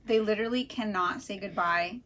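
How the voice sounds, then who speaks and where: A woman's voice: mid-range voice, brisk, fairly bright tone, slight background noise. Gushing young woman chatting about a book. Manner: gushing, retells scenes with quoted dialogue. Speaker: book podcast co-host. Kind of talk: casual book chat.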